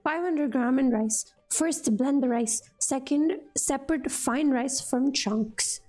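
High-voiced, slow-talking woman gamer. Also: darkish tone, faint music behind. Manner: exasperated and dramatic, laughing at her own struggles. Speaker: gamer playing through a cooking game. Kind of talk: casual gameplay commentary.

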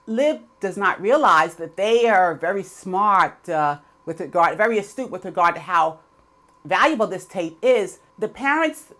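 A woman's voice: medium pitch, expressive, measured pace, a bit bright. A woman giving a casual, chatty recap of a TV episode, opinionated and full of fillers. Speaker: TV episode reviewer.

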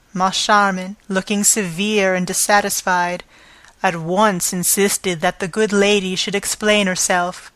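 A woman reads a classic novel aloud as an audiobook narrator, taking her time over every phrase. Her pitch sits in an ordinary middle range, and the recording is close and dry with no room sound. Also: little pitch movement, measured pace, fairly bright tone, no room sound.

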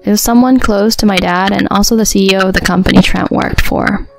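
A woman narrating a first-person story in an even, steady voice. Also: mid-range voice, brisk, vocal fry, dry recording, faint music behind.

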